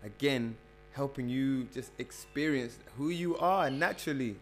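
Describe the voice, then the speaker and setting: A man's voice: medium pitch, measured pace, soft background music. A man working as a spiritual health coach, talking casually and preachily to his followers, calling them "family" and hammering his points with repetition. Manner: preachy, calls listeners "family"; emphatic, repeats phrases for effect. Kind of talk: casual livestream talk to followers.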